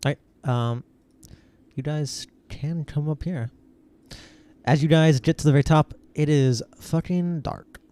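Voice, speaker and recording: A man's voice: fairly high pitch, a little slow, warm tone. A man narrating a tabletop game as game master, rambling with lots of fillers and restarts.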